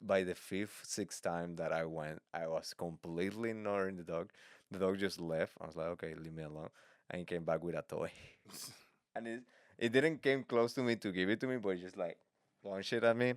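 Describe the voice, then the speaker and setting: Low-voiced Latino-accented man, laughing. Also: moderate pace, dry recording, clean studio sound. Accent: Latino-accented English. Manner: laughs often, bursts into loud quoted voices. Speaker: podcast host. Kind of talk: casual comedic chat.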